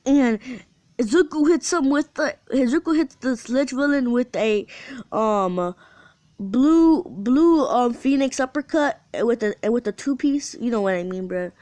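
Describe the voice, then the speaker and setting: A woman's voice: fairly high pitch, expressive, measured pace, mellow, dry recording. A woman rambling through a fan story retelling, with many fillers and restarts.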